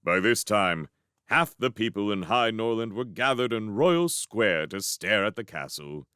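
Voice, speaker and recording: A man narrating a fan audiobook reading with expressive storytelling. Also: on the low side, unhurried, smooth, no room sound, clean studio sound. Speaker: narrator, book reader.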